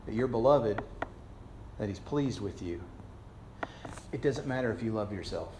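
A male pastor preaching a sermon emphatically, swinging between raised lines and hushed ones. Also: lowish voice, expressive, normal speed, echoey room, noisy background.

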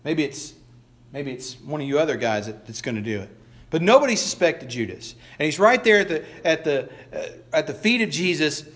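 A man's voice: high voice, a bit bright. A male pastor preaching a sermon in a conversational way, often restarting phrases and acting out the quoted lines of the people he talks about. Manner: acts out quoted lines in voices.

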